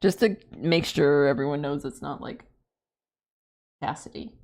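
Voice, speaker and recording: Laughing, gravelly young woman streamer. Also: sits low, measured pace, darkish tone. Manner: laughs often, swears freely, rambling and playful. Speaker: streamer and digital artist. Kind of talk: casual chat while drawing on stream.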